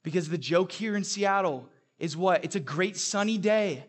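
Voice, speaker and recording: A man's voice: sits high, animated, normal speed, hardly any pauses. A young adult man preaching a sermon, telling stories with humor and emphatic repetition. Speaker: pastor.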